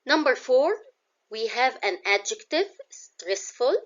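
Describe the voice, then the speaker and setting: A woman's voice: fairly high pitch, big pitch swings, slow pace, fairly bright tone, dull audio. A woman with an Egyptian accent teaching a classroom English vocabulary lesson. She explains words in English and glosses some of them in Arabic.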